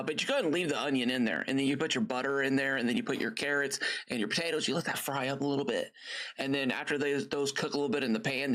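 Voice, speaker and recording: A middle-aged man with a fairly high, bright, forceful voice hosts a gaming livestream, chatting in a friendly, rambling way packed with fillers and side stories. Along the way he gives viewers friendly step-by-step cooking tips.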